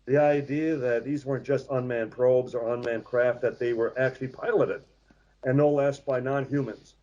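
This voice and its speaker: An American man in his sixties, a guest author telling his story in a measured, reflective way with frequent hesitations. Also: medium pitch, fairly even intonation, darkish tone, dull audio. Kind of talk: interview conversation.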